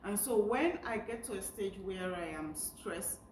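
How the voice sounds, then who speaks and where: A woman in a casual group chat, speaking in a measured, earnest way. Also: mid-range voice, expressive, darkish tone, slight background noise. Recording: roomy and distant.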